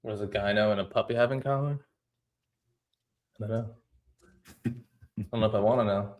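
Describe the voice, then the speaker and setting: A man's voice: on the low side, a little fast, narrow, tinny audio. A man hosting a live trading stream in casual chat, explaining chart setups step by step.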